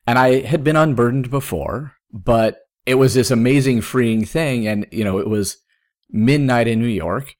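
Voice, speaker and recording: A man in his thirties, a podcast host, telling a personal story in casual chat, with sudden jumps up in pitch when he quotes himself. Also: moderate pace. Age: 30s.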